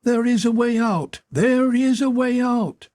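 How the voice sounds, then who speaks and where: A man voicing a gaunt, starving madman who screams out his pleas in a shrill, frantic voice. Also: measured pace, darkish tone, no echo, studio quality. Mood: shrieking, frantic.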